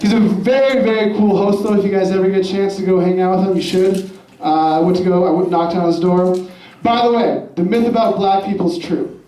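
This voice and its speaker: A man's voice: sits high, fairly even intonation, brisk, mellow, far from the mic. A man doing a crude, rambling stand-up set in a comedy club, laughing at his own jokes. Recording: roomy club sound from afar. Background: audience laughter.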